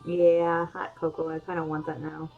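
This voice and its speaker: A woman streamer chats casually while drawing emotes, rambling with lots of ums and restarts. Her deep voice is monotone at normal speed, and the lo-fi recording has faint music behind it.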